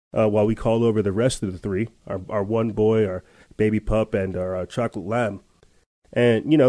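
A man's voice: on the low side, mellow, no echo. Rambling laid-back male podcast host. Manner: rambling storyteller, many restarts and laughs. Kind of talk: casual chat.

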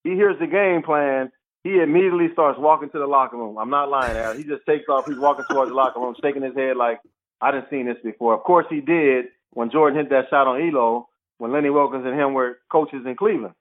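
A man's voice: medium pitch, a little fast. A man who played pro basketball, telling stories in an interview and acting out the quotes. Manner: animated storyteller, acts out quotes. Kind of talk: storytelling interview. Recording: tinny phone-like line.

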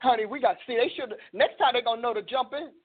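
A woman hosting a religious talk show, speaking with an animated, preacher-like cadence. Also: a little high, fast, husky. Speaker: host. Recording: phone-like band-limited audio.

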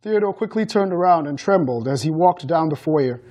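A man's voice: a little high, moderate pace. A male author reading a story from his own book and then talking as a guest. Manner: steady storytelling read-aloud.

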